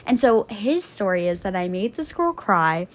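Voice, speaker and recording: A young woman guesting on a podcast, telling stories in a blunt, profane, animated way and laughing often. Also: medium pitch, moderate pace. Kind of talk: casual storytelling chat.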